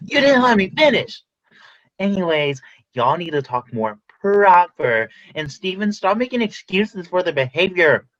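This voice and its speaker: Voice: mid-range voice, lively intonation, measured pace, a bit bright, lo-fi sound. A teenager playing a condescending teenage girl who lectures the others on talking properly. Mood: snooty. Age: teens. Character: snobbish teenage girl Lizzie, then a father.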